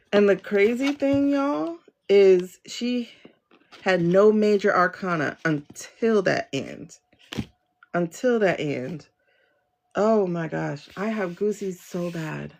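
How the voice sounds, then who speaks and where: Woman, tarot livestream host, low voice, unhurried, effusive with chat, phone mic. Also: vocal fry. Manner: emotional and exclamatory, addressing viewers as y'all. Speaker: tarot reader hosting a livestream. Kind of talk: live tarot reading, chatting with viewers.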